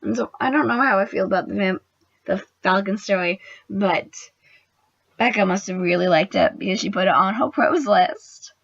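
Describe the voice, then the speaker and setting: A young woman hosting her own video, giving an excitable, gushing review of a TV episode. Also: medium pitch, moderate pace, gravelly, husky, no echo. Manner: gushing, excitable, drops into whispers. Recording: dry, dull lo-fi sound.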